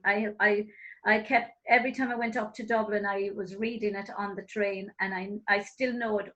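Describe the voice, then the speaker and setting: A woman hosting an interview, chatting casually and telling lively stories with frequent laughter. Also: medium pitch, poor audio. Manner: lively storyteller, laughs often. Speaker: host.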